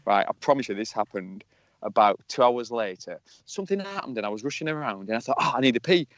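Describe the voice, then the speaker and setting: A man's voice: lowish voice, animated, fast talker, no echo. A man co-hosting a podcast in casual chat, telling rambling, cheeky stories while calling in by phone from an outdoor field. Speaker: podcast co-host. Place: outdoors in a field, sitting on a tree stump. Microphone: mobile phone. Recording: dull lo-fi phone audio.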